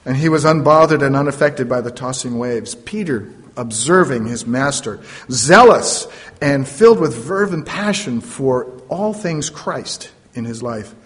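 A man preaching a sermon, retelling a story dramatically with playful asides. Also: on the high side. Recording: long reverb of a large hall.

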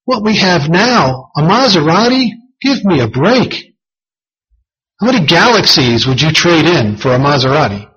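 A man's voice: a little high, very animated, unhurried, a bit bright. A man preaching a sermon, reading scripture aloud in an earnest, emphatic way. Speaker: pastor. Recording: dull lo-fi sound.

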